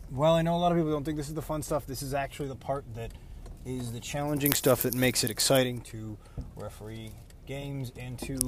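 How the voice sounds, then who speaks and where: A man talks casually from inside a car about refereeing, rambling along and correcting himself mid-sentence. His voice sits at an ordinary middle pitch, and faint traffic and street noise hums behind him. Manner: rambling, self-correcting, acts out players' shouts. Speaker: rugby referee. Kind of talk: casual vlog talk.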